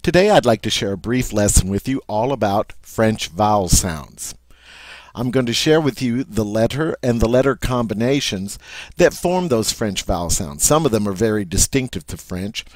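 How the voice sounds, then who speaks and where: A man's voice: on the low side, lively intonation, moderate pace, dry recording. A man giving a patient language lesson, explaining sounds step by step and often checking in with "all right?". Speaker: French teacher.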